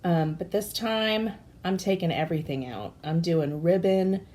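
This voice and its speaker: Raspy, hoarse woman in her forties. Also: lowish voice, a little slow, dark tone. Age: 40s. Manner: chatty and apologetic, with frequent fillers. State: hoarse from allergies. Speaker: vlogger giving a craft room tour. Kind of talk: casual home tour chat. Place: craft room and home office indoors.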